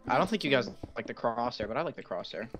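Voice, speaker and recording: A man chatting casually while gaming with friends, reacting quickly to fights and getting frustrated with the game. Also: medium pitch, lively intonation, music in the background. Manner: quick live reactions during combat. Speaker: gamer playing with friends.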